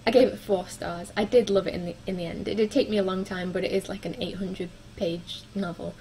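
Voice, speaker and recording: A woman's voice: mid-range voice, steady tone, brisk, warm tone, a little hiss or hum, low-quality recording. Chatty young woman reviewing books. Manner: chatty, frequent ums and likes. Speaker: book vlogger. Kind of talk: casual book review chat.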